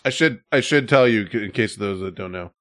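A man hosting a casual podcast chat, animated and quick to swear. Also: fairly low pitch, dry recording, studio quality. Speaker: podcast host.

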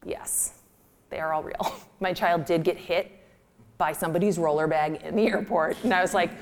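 Animated woman telling candid stories. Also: on the low side, moderate pace, a little hiss or hum. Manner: animated, laughs while telling stories, acts out quotes; heavy use of "like" as filler. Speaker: guest speaker at a live Q&A. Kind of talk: candid storytelling.

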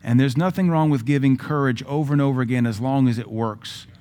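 A pastor preaching a sermon with a Southern American accent, blunt and sarcastic, acting out quotes. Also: male voice, mid-range voice, fairly quick, mellow.

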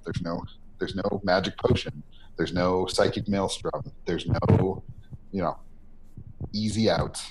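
Deep-voiced man on a noisy line. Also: fairly even intonation, takes it slowly, long pauses. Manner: earnest, tags points with "right?". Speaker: game designer, guest. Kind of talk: podcast interview.

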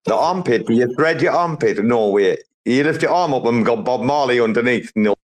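A man's voice: medium pitch, expressive, normal speed. A man teasing others with crude jokes in a casual online audio chat.

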